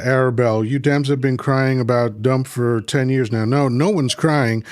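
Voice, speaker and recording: A man's voice: medium pitch, fairly even intonation, normal speed, hardly any pauses, a little mellow, no echo. A man hosting a livestream, reading chat comments aloud and arguing with them in a combative, mocking way, often repeating himself. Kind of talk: heated political rant.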